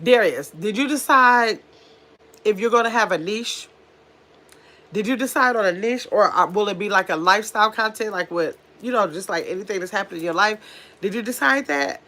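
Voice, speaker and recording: A woman's voice: mid-range voice, normal speed, bright, forceful tone. Woman, casual livestream chat, home, reads viewer comments. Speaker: livestream host. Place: at home in pajamas.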